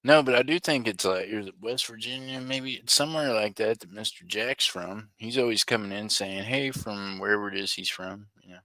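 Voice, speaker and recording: A man hosting a casual live stream, rambling through slangy, joking banter and calling out his chatters by name. His voice sits fairly low and comes across forceful and sharp, close and dry with no room around it. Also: a little fast, hardly any pauses, no room sound. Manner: laughs often, slangy banter. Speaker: livestream host.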